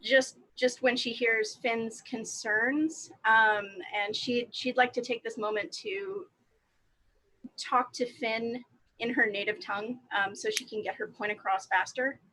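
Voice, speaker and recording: A woman playing a tabletop game, hesitantly describing her character's actions with many pauses and ums. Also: on the high side, fairly even intonation, pushed and bright, a little hiss or hum, low-quality recording.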